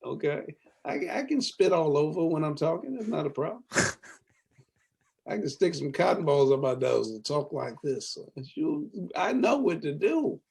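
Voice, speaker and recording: A man's voice: a little high, big pitch swings, moderate pace, vocal fry, darkish tone, breathy edge. A man guesting on a comedy podcast, talking in a playful, teasing way and laughing often. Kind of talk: casual comedy chat.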